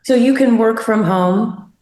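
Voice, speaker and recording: A woman's voice: on the high side, unhurried, darkish tone. A woman interviewing a former teacher, asking admiring questions in a casual conversation. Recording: echoey room.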